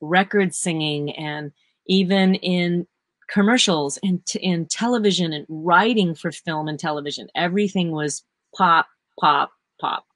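Animated, dry-sounding woman session singer. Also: lowish voice, unhurried, dry recording. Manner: animated storyteller who acts out quotes, laughs often. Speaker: session singer and vocal workshop teacher. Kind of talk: casual interview chat.

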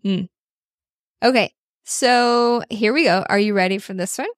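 A woman's voice: mid-range voice, measured pace, no room sound, clean studio sound. A woman co-hosting a podcast, chatting casually and playfully with her husband, filling her talk with "like". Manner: chatty and playful, heavy use of "like". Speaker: podcast co-host.

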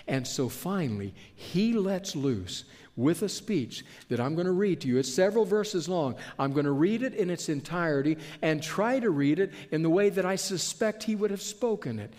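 Man, pastor, animated sermon, slightly high voice, long church reverb. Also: normal speed. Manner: animated, acts out the characters he describes.

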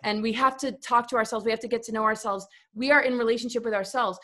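A woman with a fairly high voice talks about spirituality in a casual, earnest way. She rambles, restarts sentences and repeats words as she goes, speaking as a guest in a conversation. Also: steady tone, fast talker, a bit bright.

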